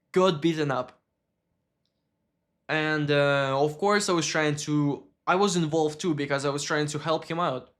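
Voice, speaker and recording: Emotional man with a raised voice. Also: a little high. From Russia. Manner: emotional, candid, swears when upset. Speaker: streamer. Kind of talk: personal story told on a live stream.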